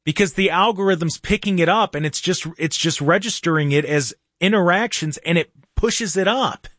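A man hosting a casual political talk radio show in a studio, animated and mocking, with jokey asides. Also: high voice, moderate pace, no echo.

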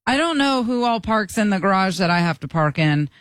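A woman's voice: mid-range voice, expressive, fairly quick, no echo, clean studio sound. A woman co-hosting a morning radio show, chatty and teasing in casual banter.

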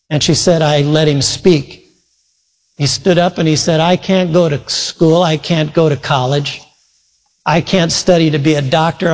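A male pastor preaching a sermon, retelling a story full of quoted speech, his pace shifting between slow and quick. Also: a little high. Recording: long hall reverb.

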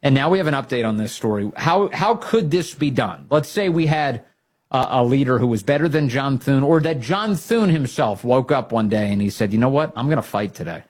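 A man hosting a political talk show, giving emphatic, fired-up commentary that rises to loud exhortations. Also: mid-range voice, lively intonation, moderate pace. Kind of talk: opinionated commentary.

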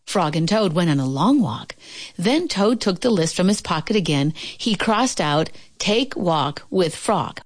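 A woman narrating a children's storybook in a slow, deliberate, expressive read-aloud. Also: on the low side, dry recording.

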